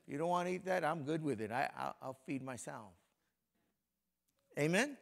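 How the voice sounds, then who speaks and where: A man's voice: a little high, gravelly, darkish tone. A middle-aged male pastor from Compton, California, preaching a sermon in a conversational way and speaking straight to people in the congregation. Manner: conversational preaching, talks directly to congregation members.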